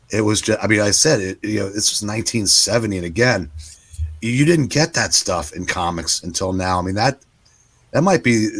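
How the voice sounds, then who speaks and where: A man in his sixties, co-hosting a comic book podcast, retelling a story at length in a relaxed, casual way. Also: on the low side. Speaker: podcast co-host.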